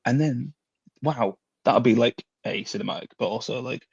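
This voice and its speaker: Gravelly male co-host on a dull mic. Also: medium pitch, normal speed, a little mellow, no echo. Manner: rambling, profane storytelling. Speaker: podcast co-host. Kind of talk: casual wrestling podcast chat.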